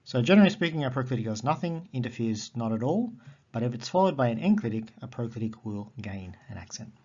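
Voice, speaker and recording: A man teaching a recorded lesson on Greek accents, methodical and repeating key terms slowly. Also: mid-range voice, sing-song, a little mellow, slightly rough, lo-fi sound.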